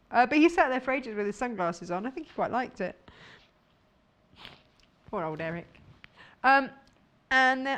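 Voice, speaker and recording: A woman's voice: on the high side, fairly bright tone. A woman presenting fabrics on a live shopping channel, chatty and jokey, laughing often.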